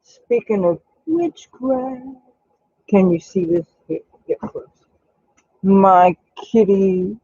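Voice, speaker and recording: A man's voice: sits high, slow, warm tone, no room sound, muffled recording. A man hosting a casual live stream while baking in his home kitchen. He is chatty and coos baby talk at his cat.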